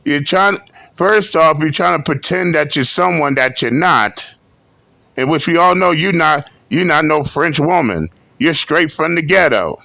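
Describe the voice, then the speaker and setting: A man's voice: fairly high pitch, lively intonation, measured pace, creaky, bright, forceful tone, dry recording. A man giving blunt, profane, scornful reaction commentary. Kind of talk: mocking commentary.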